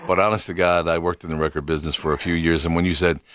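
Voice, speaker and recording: A man's voice: deep voice, fast talker, few pauses, a bit bright, dry recording. A man hosting a morning radio interview, talking conversationally with frequent restarts. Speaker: radio show host.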